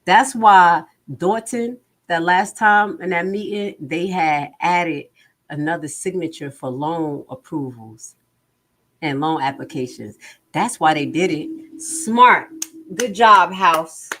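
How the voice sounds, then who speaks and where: Speaking slowly in a deep, slightly bright voice, a woman hosts a casual livestream. She goes over budget figures bluntly and with obvious exasperation, reading viewer comments aloud as she goes.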